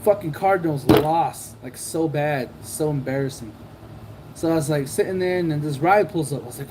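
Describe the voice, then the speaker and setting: A man's voice: on the high side, moderate pace, background noise. A man telling a personal anecdote in casual slang, swearing a lot and acting out what people said. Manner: profane, streetwise slang, acts out quotes. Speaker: storyteller.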